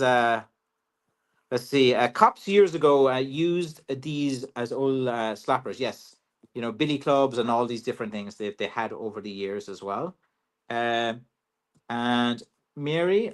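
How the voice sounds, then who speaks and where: A man's voice: mid-range voice, a bit bright. A man with an Irish accent, a walking stick maker hosting a casual livestream Q&A, chatty and joking with many fillers.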